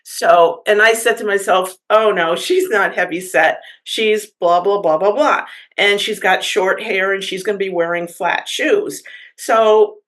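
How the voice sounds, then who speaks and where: A woman shares a personal story with a church group at an ordinary pitch. She talks casually and haltingly, stopping often for fillers and restarting her sentences. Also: a bit bright, low-quality recording. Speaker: church member sharing a story.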